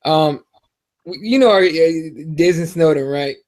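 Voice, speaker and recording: A man's voice: fairly high pitch, unhurried, darkish tone. A man hosting a sports podcast in casual, profane, joking chat. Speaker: podcast host.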